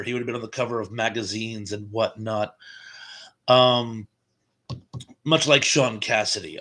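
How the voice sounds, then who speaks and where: Hosting a laid-back live stream, this man from the United States speaks at medium pitch with a sharp tone. He wanders through stories and reads viewers' comments aloud, filling gaps with fillers and little chuckles.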